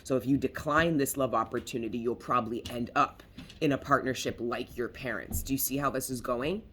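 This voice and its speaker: A man with a bright, forward voice giving a casual tarot reading straight to his viewers. He talks in a loose, rambling way, circles back on his words and drops the odd curse for emphasis. His voice sits at a middling pitch. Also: brisk, a little hiss or hum. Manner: rambling and emphatic, swears freely, repeats words. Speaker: tarot reader.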